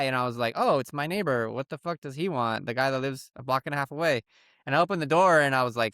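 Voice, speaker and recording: Brief: male podcast co-host, slightly high voice, lively storyteller, dry close mic. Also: quick pace, clean tone, dry recording. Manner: animated storyteller, acts out quotes. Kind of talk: casual chat.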